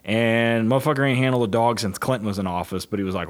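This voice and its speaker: A man's voice: medium pitch, brisk, hardly any pauses. A middle-aged man, a police dog handler trainer, telling blunt and profane stories in casual chat. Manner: blunt, profane, animated storytelling.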